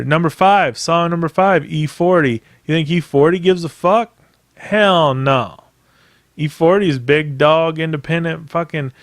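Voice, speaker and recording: A man's voice: medium pitch, no echo, clean studio sound. A man hosting a podcast by himself, ranting in a casual, rambling way with plenty of profanity and emphatic asides. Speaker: podcast host. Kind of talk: casual solo podcast rant.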